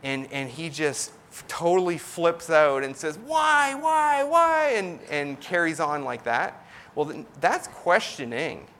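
A man's voice: a little high, a little slow, a bit bright, a little hiss or hum. A man, likely in his thirties, preaching in a casual, conversational way, with frequent fillers and restarts as he explains a point. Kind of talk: casual sermon teaching.

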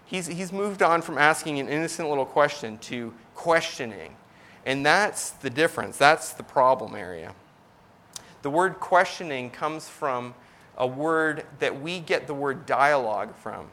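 His voice runs on the high side, expressive, a little slow and fairly bright. A man who seems to be in his thirties delivers a casual sermon teaching, explaining his point chattily with frequent fillers and restarts.

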